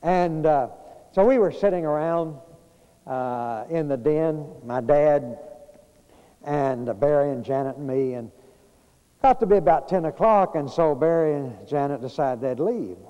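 A man, preaching a storytelling sermon in a church, folksy and conversational with many pauses and fillers. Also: on the high side, mellow, clean tone, in a large hall, lo-fi sound. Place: church sanctuary.

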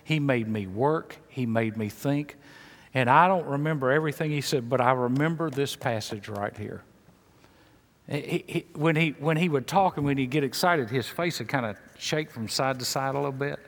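A man's voice: medium pitch, normal speed, in a large hall. A man pastor preaching a sermon with an emphatic, repetitive cadence.

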